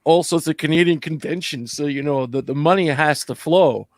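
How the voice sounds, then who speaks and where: A young man chats as co-host, tripping over repeated words as he builds mock-outraged points. His voice has a gravelly edge. The sound is dry and close. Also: a little high, a little fast, no echo. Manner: stammering restarts, mock-indignant. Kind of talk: casual podcast chat.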